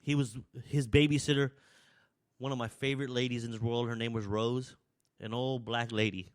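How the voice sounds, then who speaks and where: A man's voice: medium pitch, flat delivery, a little fast. Rambling man talking casually. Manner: rambling, conversational, frequent restarts. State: slightly out of breath. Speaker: podcast host. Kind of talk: casual opinion monologue.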